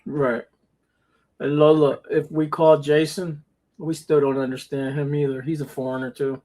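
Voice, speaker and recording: A man's voice: fairly high pitch, level tone, normal speed, warm tone. A man in a casual chat who laughs often and swears casually as he talks.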